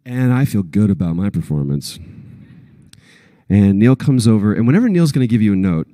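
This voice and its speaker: A man in his forties, a voice actor telling animated stories at a convention panel and acting out the quotes. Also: fairly low pitch, brisk. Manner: animated storyteller, acts out quotes. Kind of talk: anecdotal panel talk.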